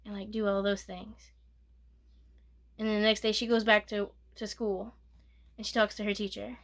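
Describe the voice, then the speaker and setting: A woman giving a soft-spoken ASMR movie recap, rambling and correcting herself, sometimes dropping to a whisper. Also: medium pitch, level tone, normal speed, creaky. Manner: rambling, self-correcting retelling with filler "like". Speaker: movie reviewer.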